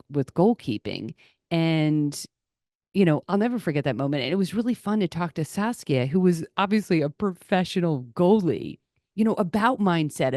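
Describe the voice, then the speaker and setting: Mellow-voiced woman telling a chatty story. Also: low-pitched, dry recording, clean studio sound. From Rhode Island, USA. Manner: chatty, self-deprecating, animated when quoting others. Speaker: podcast host. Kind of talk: casual storytelling monologue.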